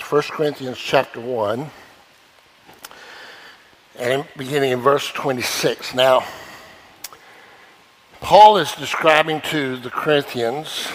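A man preaches a sermon in a high, bright voice. He stresses his points by repeating phrases, then drops to quiet asides before building up again. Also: low-quality recording. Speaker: pastor.

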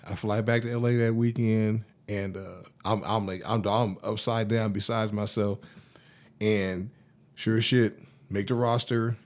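A man in his fifties with a fairly low voice tells stories from his playing days in a loose, slangy, often profane way. He talks casually as an interview guest and gets animated as he retells events. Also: a little slow. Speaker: guest, former pro football lineman.

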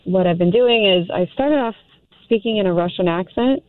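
A young woman on a call-in line, talking hesitantly and filling her pauses with ums and giggles. Her voice sits at a middle pitch. The sound is tinny and phone-thin, dry with no room. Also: dry recording. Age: young adult. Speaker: caller. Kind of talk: casual chat on a call-in show. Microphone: telephone.

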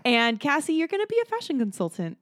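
A woman's voice: sits high, huge pitch swings, quick pace, fairly bright tone, dry recording. A young woman hosting a party game as game master, chatty and giggly as she announces rules.

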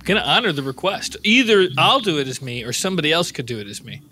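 Wry man with a lively high voice. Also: fast. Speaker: podcast co-host. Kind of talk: casual chat.

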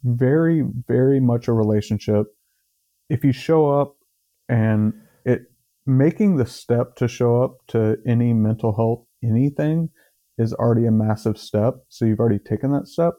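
A man co-hosting a podcast in casual chat, speaking in a monotone with halting restarts. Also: medium pitch.

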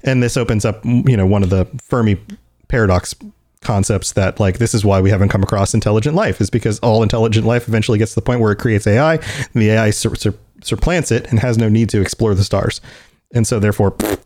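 A man's voice: fairly low pitch, fast, darkish tone, no room sound, studio quality. Rambling laid-back male podcast host. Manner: rambling, laughs easily. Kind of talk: casual podcast chat.

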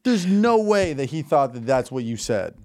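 A man's voice: medium pitch, big pitch swings, darkish tone, no echo. Guy with a bouncy voice cracking jokes on a podcast, dry close mic. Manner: wry jokey banter, quick comebacks. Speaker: podcast co-host. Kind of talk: casual comedic chat.

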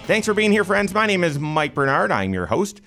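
A man hosting a finance talk show, a financial planner who talks in a lively, joking way with animated emphasis. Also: sits high, moderate pace, faint music behind.

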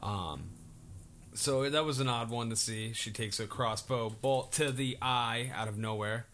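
A man's voice: mid-range voice, a little slow, a bit bright, slight background noise. A man co-hosting a casual podcast, recapping TV shows in a laid-back way with lots of fillers. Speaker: co-host.

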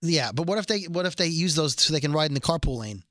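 A man co-hosting a casual podcast chat, recapping a TV episode with jokes and quick acted-out quotes. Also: fairly high pitch, expressive, fairly bright tone, dry recording, studio quality. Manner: jokey, acts out quotes in quick voices. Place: New York.

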